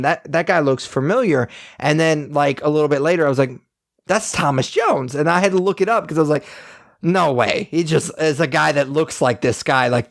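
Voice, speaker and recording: Young male podcast co-host, gravelly, dry close mic, blunt and rambling. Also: mid-range voice, dry recording. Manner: rambling, blunt, animated opinions. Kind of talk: casual review chat.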